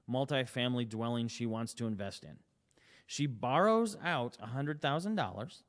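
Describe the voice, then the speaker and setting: A man's voice: medium pitch, long reverb tail. A man giving an emphatic sales presentation, asking rhetorical questions and acting out short dialogues. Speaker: company CEO presenting.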